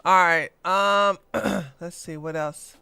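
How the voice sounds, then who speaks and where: A woman streamer chats through a casual commentary stream with a bright, sharp voice. Her tone is crisp and clear, and the sound is dry and close. She laughs often and gets animated as she reacts. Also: on the low side, slow, no room sound, soft background music. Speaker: livestream host.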